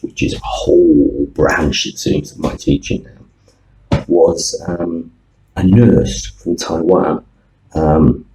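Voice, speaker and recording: A man with a low, gravelly voice tells wry, rambling anecdotes about his online students. His delivery is lively and full of ums, with a dark, mellow tone. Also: rough recording. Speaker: online English teacher. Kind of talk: casual anecdotal vlog.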